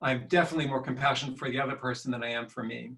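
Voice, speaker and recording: A man co-leading an online workshop, reading participants' chat replies aloud in a halting, list-like way. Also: medium pitch, steady tone, fairly bright tone. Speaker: workshop co-facilitator.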